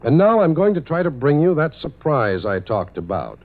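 A man's voice: on the high side, sing-song. Man reading 1940s radio news over a tinny line. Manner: measured, declamatory newscaster delivery. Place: conference city studio or booth. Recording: tinny, narrow-band 1940s radio broadcast.

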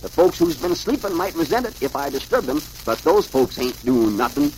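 A man voicing a good-natured, dim-witted young hillbilly with a slow, simple way of talking. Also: on the high side, sing-song, a little mellow, a little hiss or hum, low-quality recording. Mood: earnest.

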